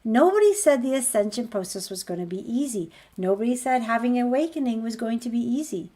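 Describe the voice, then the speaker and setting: A woman's voice: fairly high pitch, a little mellow. Earnest woman giving a spiritual pep talk. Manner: earnest, repetitive, rhetorical questions. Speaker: spiritual healer promoting a course.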